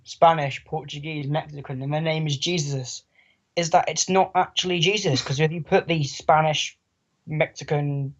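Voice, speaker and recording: A podcast co-host in casual chat, rambling and joking and slipping into quoted voices. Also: mid-range voice. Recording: muffled lo-fi recording.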